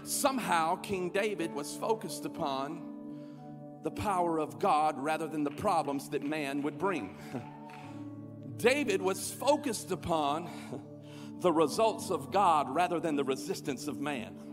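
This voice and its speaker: A man preaching a sermon as pastor, calling on the crowd to respond and swelling to shouts. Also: a little high, animated, measured pace. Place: large church auditorium. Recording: long hall reverb with music behind.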